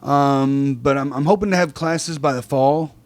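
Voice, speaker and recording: A man guesting on a podcast in casual chat, excitable, repeating himself and stumbling over the starts of his sentences. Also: medium pitch, moderate pace, no room sound.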